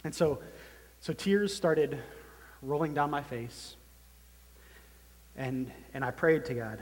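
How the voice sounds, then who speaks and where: A man in his thirties giving a personal testimony sermon as a church planter, telling his story earnestly and haltingly. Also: fairly high pitch. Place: large meeting room. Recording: long hall reverb.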